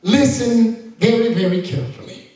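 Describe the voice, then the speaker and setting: A man voicing God as a calm, patient presence who speaks slowly and with assurance. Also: very high voice. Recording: echoey church from far off.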